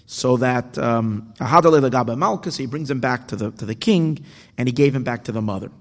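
A man reading and explaining a parable, halting often and restarting his words. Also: medium pitch. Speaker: teacher. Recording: echoey hall with long reverb.

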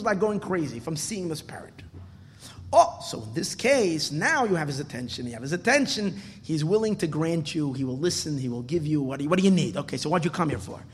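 Male rabbi, animated storyteller, high and lively pitch, long reverb of a hall. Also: brisk. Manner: animated storyteller, acting out voices in the parable. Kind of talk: Torah class with a Hasidic parable.

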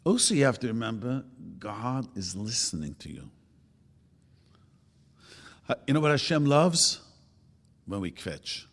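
An older man gives a relaxed, conversational religious talk. His voice carries a long hall reverb, and he voices quotes with sudden leaps up in pitch. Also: unhurried, long pauses. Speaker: religious teacher.

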